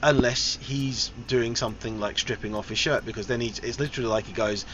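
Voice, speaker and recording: A man's voice: mid-range voice, fairly even intonation, brisk. A man giving a casual, frank spoken film review, his sentences loose and wandering. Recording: slightly dull recording with faint hiss.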